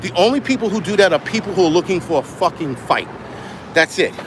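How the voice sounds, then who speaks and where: A man's voice: sits high, animated, fast. A man ranting as he walks home through city streets, blunt and profane, recording on a handheld phone with faint street noise behind him. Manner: blunt, swearing, heated. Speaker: firefighter vlogger. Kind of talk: profane walk-and-talk rant to live chat. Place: outdoors on city streets, walking.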